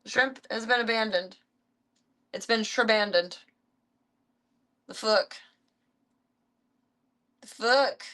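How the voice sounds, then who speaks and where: A young woman streaming casually, chatting as she feeds her pets and calling to them in a high coaxing voice. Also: slow pace, pauses often, fairly bright tone. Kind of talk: casual chat while feeding pets.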